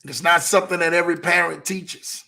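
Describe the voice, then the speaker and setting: A man with a slightly high, gravelly voice gives a motivational talk as the show's host. He preaches in a casual way, repeats his main lines and drags them out slowly to drive them home. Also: fairly even intonation, sharp tone. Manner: preachy, repeats key lines, slows for emphasis.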